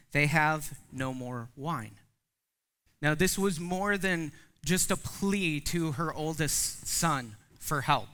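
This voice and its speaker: Male pastor, thirties, bright somewhat high voice, casual preaching that jumps into quoted voices. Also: clean tone. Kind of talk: sermon.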